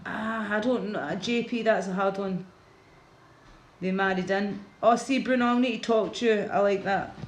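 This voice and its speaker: A woman's voice: mid-range voice, fairly even intonation, normal speed, echoey room, rough recording. A Glaswegian woman from Scotland chatting casually on a livestream, rambling and answering her viewers' comments as she goes.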